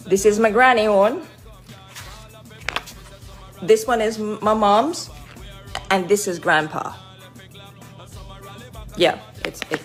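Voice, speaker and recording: A woman's voice: mid-range voice, creaky. A woman delivering an emphatic, lecturing monologue to camera. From Jamaica. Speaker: social media commentator.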